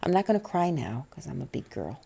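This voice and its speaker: A middle-aged woman talking about her life in a rambling, halting way, near tears, full of restarts and fillers. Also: low-pitched, sing-song, creaky, warm tone, slight background noise. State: tearful, on the verge of crying. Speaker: vlogger. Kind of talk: personal confessional vlog, soft-spoken.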